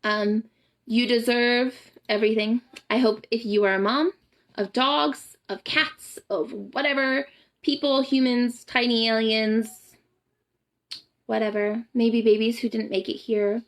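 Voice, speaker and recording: Blunt, profane woman with a gravelly edge. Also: on the high side, fairly even intonation, measured pace. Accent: Southern US. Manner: blunt, profane, ranting, emphatic. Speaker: boudoir photographer and empowerment coach. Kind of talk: casual live-stream pep talk.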